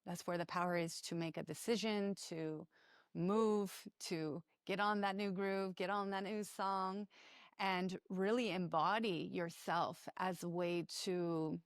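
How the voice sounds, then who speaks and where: Slow, reflective woman on wellness. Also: on the low side, fairly even intonation, clean tone, dry recording, clean studio sound. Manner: reflective, unhurried, gently affirming. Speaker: podcast co-host. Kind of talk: spiritual wellness chat.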